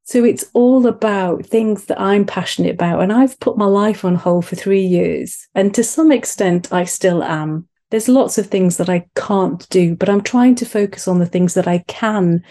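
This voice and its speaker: A woman's voice: mid-range voice, moderate pace, few pauses, dark tone. A middle-aged woman from Wales, a podcast guest telling earnest, self-deprecating stories about her family. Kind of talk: podcast interview, personal story.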